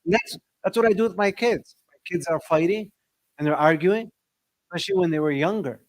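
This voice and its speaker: A middle-aged man leading a religious discussion for adults, lively and often asking his listeners questions. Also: fairly quick, no echo. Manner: lively, asks the audience questions, shifts pitch sharply for emphasis. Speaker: discussion leader. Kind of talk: religious talk to an audience.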